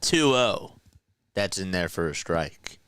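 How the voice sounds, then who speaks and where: A man calls a baseball game live for his stream, his voice low and smooth. He chats with his viewers between pitches, reading their comments aloud and joking around. The sound is dry and close. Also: very animated, takes it slowly, fairly bright tone, no room sound. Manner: jokey, laughs at himself. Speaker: fan play-by-play streamer. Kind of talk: casual live play-by-play commentary.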